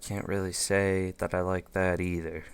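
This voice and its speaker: A man's voice: sits low, little pitch movement, moderate pace, clean tone. A man hosting a let's play, thinking aloud in casual gameplay commentary with lots of fillers and goofy asides.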